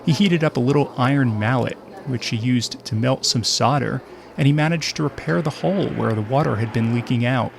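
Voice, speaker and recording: A man tells his travel story in a wry, scripted voice. His tone has a gravelly edge at a middle pitch. A faint hiss sits under the narration. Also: brisk. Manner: wry storytelling with dry humor. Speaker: podcast host and narrator.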